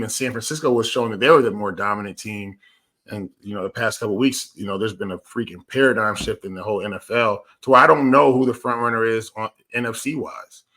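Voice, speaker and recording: Emphatic former football player talking sports. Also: male voice, lowish voice, sharp tone. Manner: emphatic, storytelling, repeats himself. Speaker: former NFL player, co-host. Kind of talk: casual sports talk.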